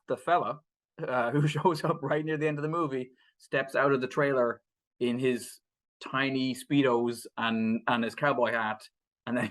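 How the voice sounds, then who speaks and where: A man's voice: mid-range voice, fairly bright tone. A man with a mid-range voice talks through a film on a podcast, circling his points with lots of ums and restarts. He laughs often and keeps an easy conversational tone. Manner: rambling with many fillers and restarts, laughs often. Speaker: podcast co-host. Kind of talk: casual film review chat.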